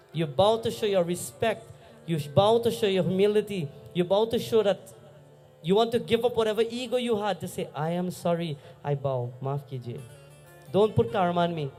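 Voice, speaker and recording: A man's voice: high voice, darkish tone. A Trinidadian man, a pundit, giving a Hindu religious discourse at a home gathering, telling a story and asking the crowd questions.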